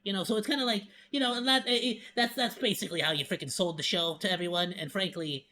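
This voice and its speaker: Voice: medium pitch, quick pace, slight background noise. A VTuber streamer giving casual reaction commentary, playful and laughing, rambling with frequent stammers and restarts. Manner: playful, animated.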